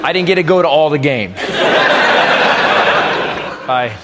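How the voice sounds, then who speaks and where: A man's voice: on the high side, animated, unhurried, very noisy. A man doing a stand-up comedy routine on stage, ranting in an exasperated, mock-patriotic way. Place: comedy club stage before a live audience. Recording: live show with loud audience laughter.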